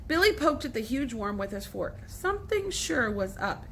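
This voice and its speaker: A woman's voice: a little high, sing-song, normal speed, few pauses, slight background noise. A woman teacher reading a novel aloud to her students, with asides to the class. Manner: warm storytelling with asides to the class.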